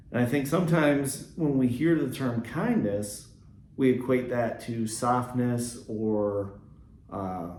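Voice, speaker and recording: A man hosting a reflective solo podcast on leadership, speaking earnestly and at a measured pace, with frequent ums and restarts. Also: medium pitch, warm tone, roomy sound, slight background noise. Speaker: podcast host, Catholic school leader.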